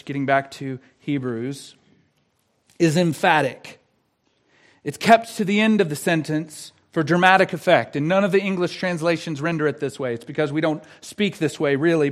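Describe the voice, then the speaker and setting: A man preaching a sermon as pastor, earnest, moving between quiet questions and emphatic declarations. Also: a little high. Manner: earnest, shifts from hushed to emphatic.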